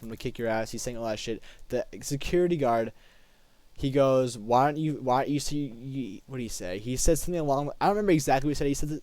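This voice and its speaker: A young man in his late teens tells a story from school in a loose, rambling way. He swears freely and keeps restarting his sentences. His voice sits at an ordinary pitch, and the recording is dry and close. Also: a little mellow, no echo. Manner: rambling, profane, lots of fillers and restarts. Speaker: high school student. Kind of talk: casual storytime.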